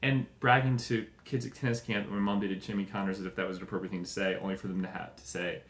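A man's voice: fairly low pitch, level tone, fast, roomy sound. A young man hosting a podcast, riffing in a profane, tangent-hopping comic monologue and acting out little scenes. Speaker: podcast host. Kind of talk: rambling comedic monologue.

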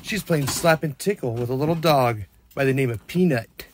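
A man's voice: medium pitch, normal speed, darkish tone, a little hiss or hum. A man teasing and playfully scolding his dog in casual chat at home. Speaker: dog owner filming his pets.

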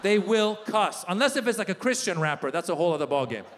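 A middle-aged man doing an animated stand-up comedy set, acting out the voices of people in his stories. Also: high voice, fast, slight background noise. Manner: animated storytelling, acts out voices of others. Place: large theater stage. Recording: live hall reverb with audience ambience.

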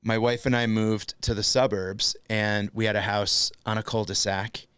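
A man hosting a casual comedy podcast, telling a self-deprecating story with lively energy and acted-out outbursts. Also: lowish voice, moderate pace, clean tone, no room sound, clean studio sound. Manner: animated, self-deprecating storyteller, acts out his own shouts. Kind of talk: casual chat.

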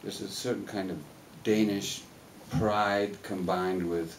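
A man on a film Q&A panel, talking in a rambling, animated way and laughing as he tells stories in a cinema hall. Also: deep voice, slow pace, creaky, far from the mic, a little hiss or hum. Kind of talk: casual live Q&A storytelling. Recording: echoey hall, mic heard from afar.

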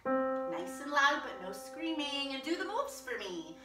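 A woman reading a picture book aloud at a children's storytime, animated and encouraging, with playful made-up words. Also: high voice, measured pace, over loud music. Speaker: children's librarian. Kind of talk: storytime read-aloud for kids.

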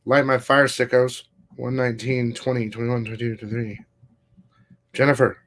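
A man's voice: mid-range voice, moderate pace. Guy hosting a live stream, swears a lot, hyped up, reads the chat out, normal mid voice. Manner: profane, excitable, reads chat aloud. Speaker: comic shop livestream host.

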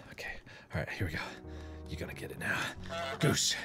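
A man commentating a video game playthrough in a goofy, taunting way, swinging between loud shouts and mutters. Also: medium pitch, very animated, normal speed, soft background music. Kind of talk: let's play commentary.

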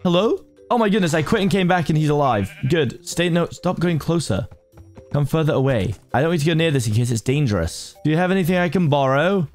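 A man giving excitable, chatty commentary while playing a Minecraft modpack, talking to himself and his viewers with sudden jumpy exclamations. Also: fairly high pitch, brisk, faint music behind. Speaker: gaming YouTuber. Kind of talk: casual Minecraft let's play commentary.

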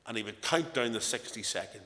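A man's voice: mid-range voice, lively intonation, brisk, sharp tone. A man with a Northern Irish accent preaching an evening sermon in church, earnest and storytelling, his emphasis rising and falling. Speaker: lay preacher. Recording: echoey church hall.

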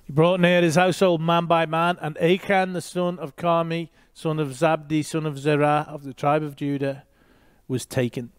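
A man's voice: a little high, flat delivery, normal speed, smooth, no echo, studio quality. A man reading a Bible passage aloud and teaching, with short asides to his listeners.

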